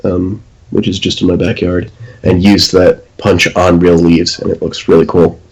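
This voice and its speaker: A man's voice: deep voice, moderate pace, breathy edge, rough recording. A man on a podcast giving casual, friendly advice on painting miniatures. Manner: relaxed, advisory, self-deprecating humor. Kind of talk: casual chat.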